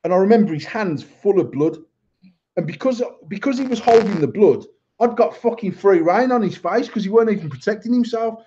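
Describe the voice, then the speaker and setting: A man's voice: high-pitched, animated, brisk, warm tone, slight background noise. An English man in his thirties or forties, telling a crude story in casual podcast chat, swearing constantly. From England. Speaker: podcast host. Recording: dull lo-fi recording.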